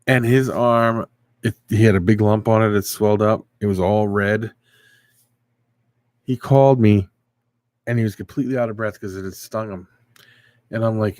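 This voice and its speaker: Low-voiced man chatting on a livestream. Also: normal speed, no room sound. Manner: rambling storyteller, answers chat. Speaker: livestream host. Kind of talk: casual livestream chat.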